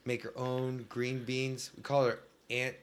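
A man in casual chat, telling animated stories and swearing freely. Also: mid-range voice, measured pace, a little hiss or hum.

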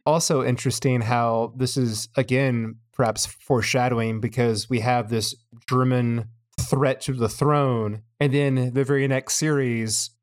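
A man's voice: mid-range voice, fairly even intonation, unhurried, hardly any pauses. A man co-hosting a podcast, talking in a thoughtful, analytical way. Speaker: podcast co-host. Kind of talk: casual chat.

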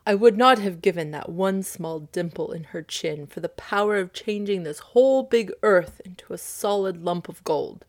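A woman's voice: on the low side, normal speed, hardly any pauses, dry recording, clean studio sound, close to an everyday voice. A woman voicing a grieving, despairing king in a storybook reading, pleading and anguished.

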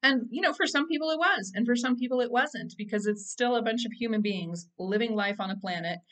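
A woman's voice: a little high, brisk, fairly bright tone. Chatty self-amused woman podcast host. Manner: chatty, laughing at herself, many fillers and restarts. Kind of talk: casual solo podcast monologue.

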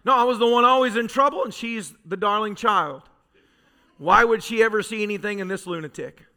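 High, bright-voiced fervent preacher man. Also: a little fast. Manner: fervent, storytelling preacher who swings from soft to shouting. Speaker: pastor. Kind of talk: sermon. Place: church sanctuary.

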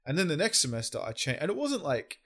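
A man's voice: a little high, very animated, quick pace, fairly bright tone. A young Australian man co-hosting a casual chat, swearing freely and explaining things at length. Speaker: podcast co-host.

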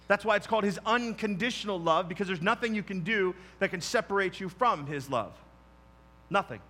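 A male pastor with a fairly high, bright voice delivers a sermon. He talks in a chatty, animated way and drops low and quiet to stress key points. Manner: conversational, animated, swings to quiet emphasis.

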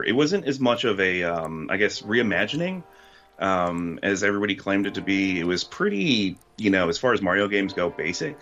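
Deep-voiced hesitant man on a podcast. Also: a bit bright. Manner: hesitant, full of ums and you-knows. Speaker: guest critic. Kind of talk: casual podcast chat.

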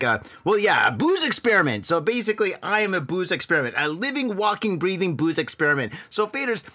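A man's voice: on the high side, sharp tone. A man co-hosting a podcast from Tokyo, rambling in crude, casual banter and swearing freely. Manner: rambling, profane, laid-back. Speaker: podcast co-host. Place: home in Tokyo.

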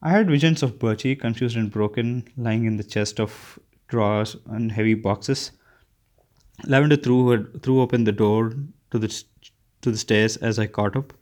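A man's voice: on the low side, darkish tone. A man reading a first-person novel aloud, unpolished, often stumbling and restarting words. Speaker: audiobook reader.

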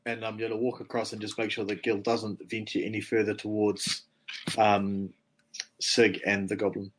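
A man playing a tabletop game, calmly describing his character's actions. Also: on the low side, moderate pace, noisy background. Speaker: player. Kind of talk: tabletop role-play chat.

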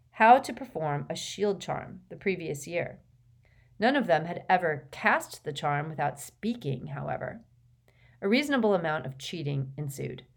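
A woman narrating a novel as an audiobook, in a steady, measured storytelling manner. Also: on the low side. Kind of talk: scripted narration.

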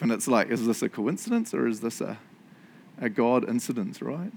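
A middle-aged man giving a relaxed sermon. He talks to his congregation like friends, confessional and self-deprecating, and laughs easily. His voice sits at an ordinary middle pitch. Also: fairly quick, slight background noise. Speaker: pastor. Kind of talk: casual conversational sermon.

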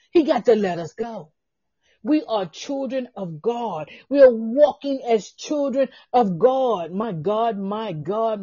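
A woman's voice: on the high side, dark tone, dry recording, muffled recording. A woman pastor preaching a fervent podcast sermon, with repeated exclamations and bursts of speaking in tongues, who laughs at herself and talks straight to the listeners.

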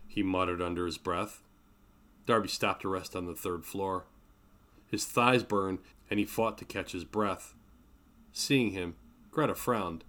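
Low-voiced man narrating a novel. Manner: measured, steady reading. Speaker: author reading his novel. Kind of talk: audiobook narration.

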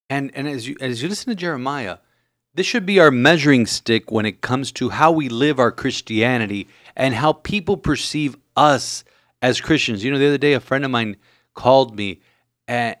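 Earnest Catholic priest preaching. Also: male voice, mid-range voice, a bit bright, no room sound, clean studio sound. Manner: earnest, preacherly, many "you know" fillers. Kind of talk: homily.

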